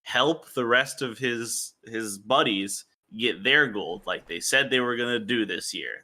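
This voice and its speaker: A man's voice: mid-range voice, sing-song, unhurried, pushed and bright. A man co-hosting a podcast in loose casual chat, rambling and correcting himself. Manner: rambling, self-correcting, laughs easily. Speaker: podcast co-host. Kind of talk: casual wrestling review chat.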